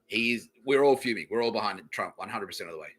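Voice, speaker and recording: A man's voice: lowish voice, expressive, fast, a bit bright, breathy edge, poor audio. A man hosting a comedy podcast, delivering a profane, repetitive monologue and laughing at his own lines. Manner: swears constantly, repeats phrases, laughs at own lines. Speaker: podcast host.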